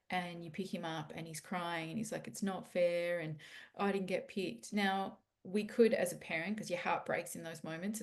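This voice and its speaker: A middle-aged woman, a parenting educator answering podcast questions in an earnest, explaining way. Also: medium pitch.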